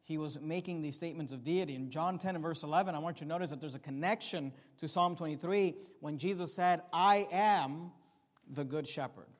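The recording carries a hall's long reverb as a man preaches in a church sanctuary. His voice is on the high side and a little fast, and he's emphatic, repeating key phrases and getting louder to drive points home.

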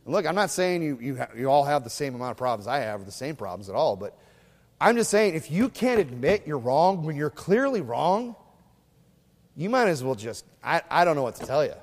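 A fiery male preacher with a slightly high voice, swinging from thunderous bursts to hushed, mocking asides. His sermon rings out with the long reverb of a church hall. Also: very animated, fairly quick. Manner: fiery, mocking preacher who shifts between loud and hushed. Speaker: pastor.

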